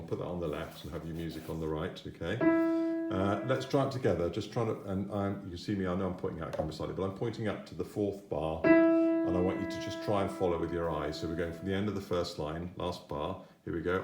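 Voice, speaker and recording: Man, low voice, patient piano teacher, children's lesson, echoey room, piano behind. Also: vocal fry. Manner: patient, encouraging, sings note patterns. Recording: roomy echo, piano playing.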